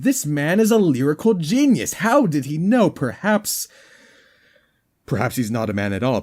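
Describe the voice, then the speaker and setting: Over a game, a male commentator rambles goofily, tossing in jokey asides. His slightly worn voice sits on the high side with a darkish tone.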